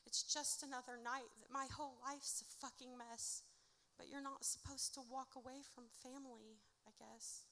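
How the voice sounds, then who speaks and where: A woman performing her own spoken word poetry live on stage, delivering rhyming lines with a strong rhythm that swings between loud and hushed. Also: high-pitched, steady tone, normal speed, few pauses. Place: theatre stage. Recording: long theatre reverb.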